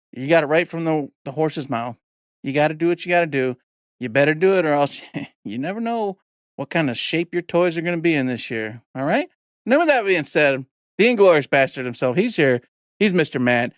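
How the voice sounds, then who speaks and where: A man's voice: fairly high pitch, expressive, fairly quick, no room sound, studio quality. Loose, jokey male podcast host. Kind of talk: casual podcast chat.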